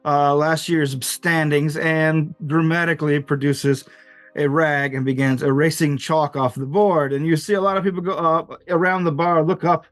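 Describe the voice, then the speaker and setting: A man narrating as game master of a tabletop game, lively and chuckling, with many fillers. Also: on the high side, moderate pace, dry recording.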